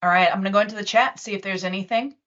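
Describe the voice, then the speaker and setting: A woman presenting a live software demo in a casual, chatty way, with many fillers and restarts. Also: medium pitch, very fast. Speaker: webinar presenter and user group organizer. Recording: dull lo-fi online meeting audio.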